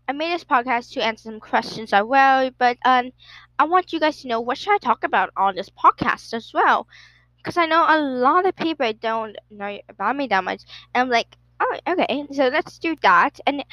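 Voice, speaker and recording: A woman's voice: fairly high pitch, bright, forceful tone, dry recording, poor audio. A young woman hosting a casual solo podcast, rambling with lots of fillers and giggles. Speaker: podcast host.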